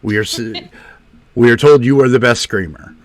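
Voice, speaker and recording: A man's voice: medium pitch, measured pace. A man hosting a live stream, chatting casually with a guest, teasing and joking with lots of fillers. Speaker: stream host.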